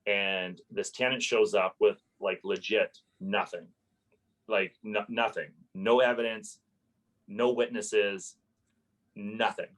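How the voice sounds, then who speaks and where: A man, a landlord and podcast guest, telling a story in a casual interview, animated and swearing freely as he relives his anger. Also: on the low side, slow pace, low-quality recording.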